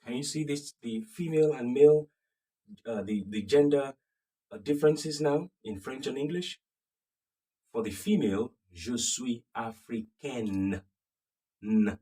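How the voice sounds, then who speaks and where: A man with a Nigerian accent teaching French, slowly repeating phrases and checking that the class follows. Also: on the low side, mellow, slightly rough. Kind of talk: slow classroom lesson. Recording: voice from a distance off the mic.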